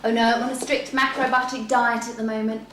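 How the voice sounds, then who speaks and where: An actress playing a breezy, self-satisfied teacher who talks coyly. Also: female voice, fairly high pitch, little pitch movement, a little fast, distant mic, natural voice. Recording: echoey room with background noise.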